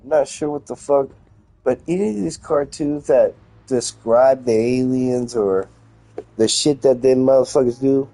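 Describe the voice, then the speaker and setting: A man's voice: mid-range voice, a little slow, mellow, faint music behind. A man streaming a game, rambling casually with heavy profanity and meandering, laid-back musings.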